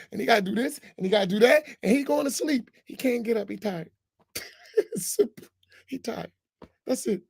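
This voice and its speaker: An imam talks informally to his congregation. He jokes and acts out little voices in a high, gravelly tone. The sound is dry and close. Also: dry recording. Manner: animated, humorous, acts out voices, preachy asides. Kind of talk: informal reflection talk to a congregation.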